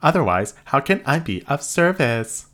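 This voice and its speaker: A woman's voice: extremely low pitch, very animated, moderate pace, pitched above the performer's own voice, full character voice. A man voicing a prim female security robot that speaks in stiff, formal customer-service phrases. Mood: politely robotic. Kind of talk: audiobook character voice.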